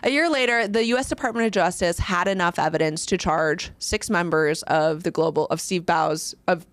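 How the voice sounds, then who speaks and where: Woman podcast cohost, chatty storyteller, lower voice, dry sound. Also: normal speed, dry recording. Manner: chatty, laughing, acts out quoted voices. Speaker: podcast co-host. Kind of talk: casual storytelling chat.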